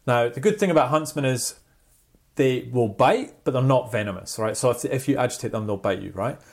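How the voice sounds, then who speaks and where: A man co-hosting a casual chat show, telling stories in an animated way and checking in with "right?". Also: mid-range voice, brisk. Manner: animated storyteller, repeats "right?". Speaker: podcast co-host.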